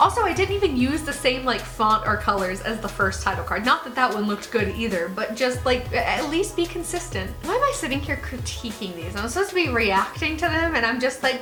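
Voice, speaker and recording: A woman's voice: high voice, very animated, brisk, a bit bright. A woman in her twenties chatting casually in a reaction vlog, mocking herself and swearing freely. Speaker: YouTuber. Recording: roomy echo, faint music.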